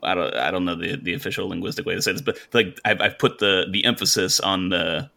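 A man's voice: deep voice, fast, creaky, pushed and bright. A man co-hosting a casual sports podcast, making dry, wry remarks. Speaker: podcast co-host.

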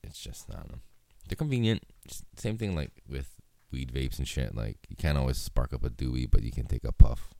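A man's voice: a bass voice, lively intonation, a little fast, vocal fry, hardly any pauses, warm tone, no echo. A young man hosting a solo podcast, talking in a laid-back, rambling way and swearing constantly. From Hawaii. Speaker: podcast host. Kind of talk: casual solo podcast chat.

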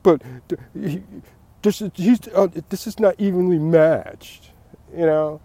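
A man's voice: sits high, measured pace, warm tone, no echo. A man giving a late-night rambling monologue, repeating words and laughing at his own jokes.

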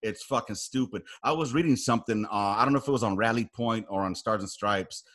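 A man telling army stories in casual chat, animated and profane, acting out loud quotes. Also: fairly low pitch, fairly quick. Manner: animated storyteller, heavy swearing, acts out quotes loudly.

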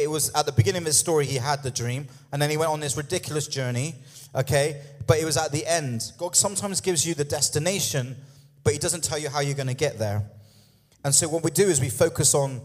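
Conversational male preacher in a reverberant hall. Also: a little high. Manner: conversational, humorous asides, frequent "yeah?" and "okay?" check-ins. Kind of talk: sermon.

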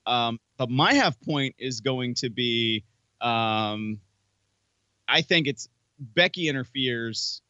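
A man from Northeast Pennsylvania co-hosting a casual podcast, talking in a measured way with fillers. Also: mid-range voice, lively intonation, bright, forceful tone, clear, resonant tone, no echo, lo-fi sound. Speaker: podcast co-host. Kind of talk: casual wrestling chat.

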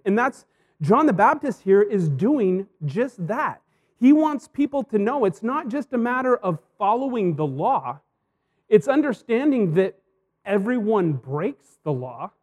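High-voiced man preaching conversationally. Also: darkish tone. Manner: conversational, anecdotal preaching with frequent "right?" asides. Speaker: pastor. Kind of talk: sermon.

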